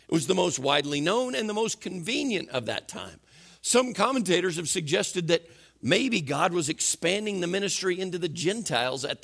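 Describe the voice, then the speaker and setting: A male pastor preaching in an animated, conversational sermon style. His voice is a little higher than most men's, with lots of gravelly fry, and his pitch swings widely as he talks.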